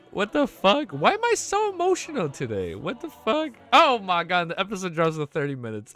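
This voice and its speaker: A man's voice: on the high side, a bit bright. A young man streaming, reading a novel aloud and reacting with emotional, swearing asides.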